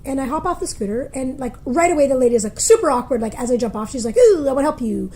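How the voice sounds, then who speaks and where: A woman, a motivational speaker, telling a story in a casual interview, lively and acting out the voices of others. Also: high-pitched, very fast. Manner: animated, acts out quoted voices.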